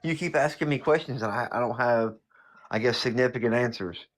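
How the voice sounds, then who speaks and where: A man in his forties calls into a stream with a mid-pitched voice. He sounds hesitant and laughs nervously between his halting answers. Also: slight background noise. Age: 40s. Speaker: caller. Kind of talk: casual conversation.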